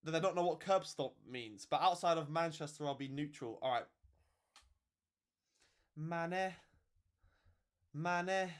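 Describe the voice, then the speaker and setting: A man hosts his livestream in casual chat, his voice sitting a little high for a man. He is sarcastic, swears freely, and shrugs off viewers who annoy him. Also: brisk, few pauses. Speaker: livestream host.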